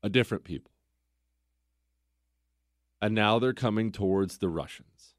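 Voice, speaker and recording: A podcast host with a lowish voice speaks unhurriedly in a clean studio recording with no echo. He tells history in a casual, conversational way, packing it with rhetorical questions.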